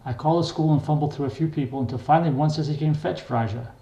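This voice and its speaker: An older man reads his own memoir aloud in a plain, wry, unhurried way. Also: a little high, mellow, lo-fi sound. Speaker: memoir reader. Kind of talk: memoir narration. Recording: echoey room.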